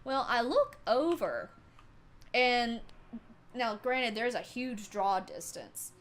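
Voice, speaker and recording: Lively-voiced woman streamer telling a story. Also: a little high, slow pace, a little hiss or hum. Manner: swears freely and laughs often. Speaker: livestreamer. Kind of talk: casual storytelling to chat.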